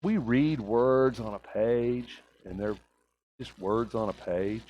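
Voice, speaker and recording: With a light Oklahoma Southern accent, a preacher poses rhetorical questions to his congregation and shifts between hushed and raised delivery. His mid-range voice moves slowly, and the recording has its highs cut off.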